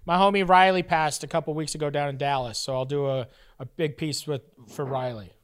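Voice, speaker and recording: A man co-hosting a podcast in casual banter, loud and excitable, jumping between shouting and mock-calm talk. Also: fairly high pitch, brisk, smooth. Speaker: podcast co-host.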